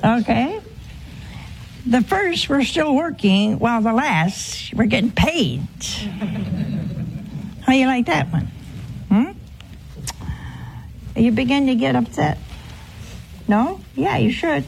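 A woman's voice: sits high, big pitch swings, slow pace, vocal fry, long pauses, slight background noise. A woman preaching on a show, speaking conversationally and teasing her audience with questions. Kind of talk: sermon.

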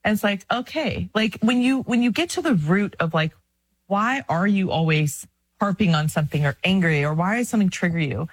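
A woman's voice: medium pitch, animated, normal speed, dry recording. A woman in her thirties co-hosting a casual faith talk, earnest and chatty, often breaking into laughs. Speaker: podcast co-host.

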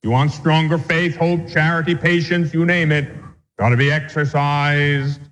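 Priest lecturing in a reverberant hall. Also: male voice, a little high, little pitch movement, fairly bright tone, a little hiss or hum. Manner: deliberate, reads text aloud then explains it with stories. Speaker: Catholic priest teaching a catechism class. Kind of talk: classroom lecture on religious doctrine.

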